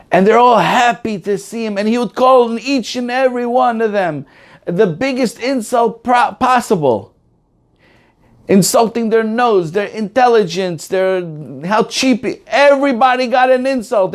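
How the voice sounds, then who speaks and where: Lively man telling a sermon story. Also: sits high. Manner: animated, acts out voices in his stories. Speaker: rabbi.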